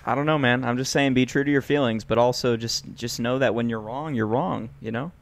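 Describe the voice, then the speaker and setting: Teasing American man with a gravelly voice. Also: medium pitch, fairly even intonation, fairly quick, slight background noise. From United States. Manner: teasing, joking banter. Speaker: podcast host. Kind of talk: casual chat. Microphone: video call.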